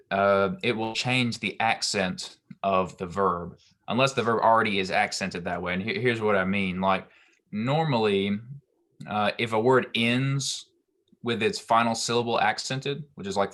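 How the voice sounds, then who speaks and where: A man teaching grammar in a very low, deep voice. He explains patiently and haltingly, with frequent ums and restarted phrases. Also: fairly bright tone. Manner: hesitant, many ums and restarts. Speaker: Hebrew grammar tutor.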